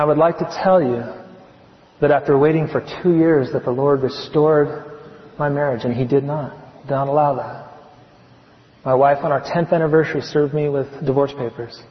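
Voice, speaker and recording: A man from California, a chemistry professor, giving an earnest personal testimony, confiding and softening on heartfelt points. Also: mid-range voice. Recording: echoey hall, muffled sound.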